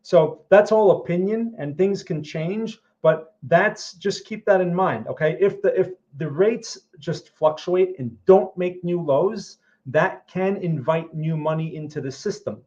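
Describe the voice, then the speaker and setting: A man's voice: sits high, measured pace, hardly any pauses, darkish tone. A man hosting a live trading stream, explaining charts in a casual way and often checking in with "okay?" and "right?". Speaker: trading livestream host. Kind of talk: casual live market commentary. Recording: muffled lo-fi audio.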